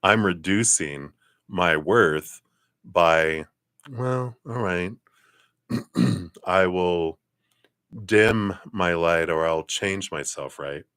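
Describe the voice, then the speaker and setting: A man giving a live tarot card reading, lively and chatty, often clearing his throat and acting out other people's lines. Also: extremely slow, pauses often, no echo, studio quality. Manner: animated, acts out other people's lines in high voices.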